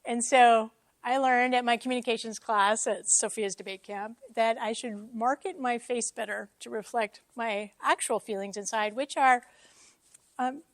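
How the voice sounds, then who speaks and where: A woman's voice: a little high, a little slow, dry recording. A woman giving a casual, self-deprecating teaching talk to a church congregation, with joking asides. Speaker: church speaker.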